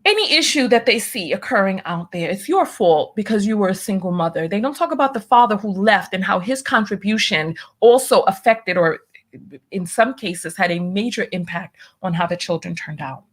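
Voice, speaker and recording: With a mid-range voice, lively intonation, and a normal pace, this talkative woman hosts a casual commentary show. Her tone is wry, she poses rhetorical questions, and she reads aloud the donations viewers send in.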